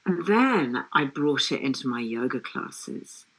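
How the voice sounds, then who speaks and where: A middle-aged woman, a yoga teacher, chatting as a guest in an interview and telling stories with lively laughter. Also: rumbling low, takes it slowly, husky, rough recording. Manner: animated, laughing storyteller. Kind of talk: casual interview chat.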